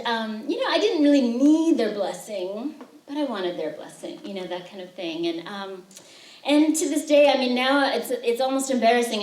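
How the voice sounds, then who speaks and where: A woman poet with a fairly high voice reads her work and tells chatty, humorous stories, often pausing on "um". She sounds set back from the microphone. The lecture room around her is echoey. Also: a little mellow. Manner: chatty, humorous storytelling with frequent "um" fillers. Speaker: poet giving a reading. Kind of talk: poetry reading with spoken anecdotes. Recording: roomy sound, voice distant from the mic.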